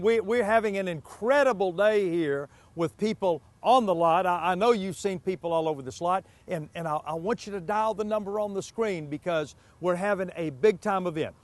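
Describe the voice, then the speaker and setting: A man hosts a television car sales show outdoors on a car lot. He speaks in a high voice and pushes every price hard, repeating the numbers and urging viewers to call. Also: normal speed, no room sound. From Pacific Northwest US. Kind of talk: live TV car sales pitch.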